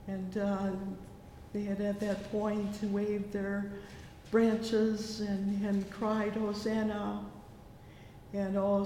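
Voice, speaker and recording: A man preaching a sermon, slow and fervent, constantly breaking in with "oh yes" and "oh my". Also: dark tone. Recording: echoey hall with low rumble.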